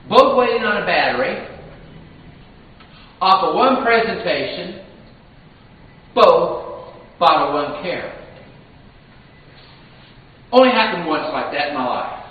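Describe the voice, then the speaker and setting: A man's voice: high-pitched, slow pace, long pauses. A man giving a live sales training seminar, telling stories with energy and acting out customers' lines. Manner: animated storyteller, acts out customers' lines. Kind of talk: live seminar talk to a class. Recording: dull, echoey hall from far off.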